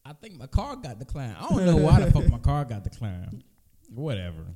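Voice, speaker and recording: A man co-hosting a loose comedy podcast, telling stories with a voice that swoops up and down. His tone is warm and mellow, and he laughs often while swearing freely. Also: medium pitch, wildly swooping pitch, brisk, faint music behind. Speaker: podcast co-host. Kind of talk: casual comedic chat.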